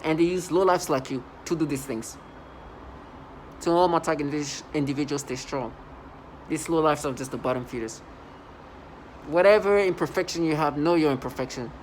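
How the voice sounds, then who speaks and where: A man talking in a rambling vlog monologue, halting and restarting, with sudden loud agitated outbursts. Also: a little high, a little hiss or hum, rough recording. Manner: halting, many restarts and fillers. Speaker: vlogger.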